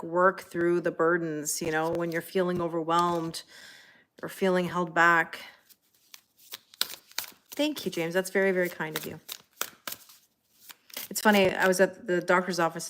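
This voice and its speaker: A middle-aged woman reading tarot on a livestream, chatting casually, greeting viewers by name and filling pauses with ums and soft laughs. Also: on the low side. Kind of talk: live-stream casual chat.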